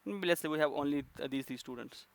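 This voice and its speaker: A man's voice: fairly high pitch, quick pace, vocal fry, no echo. Man teaching code, dry close sound. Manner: explains step by step with many fillers and restarts. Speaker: programming instructor. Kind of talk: recorded coding lesson.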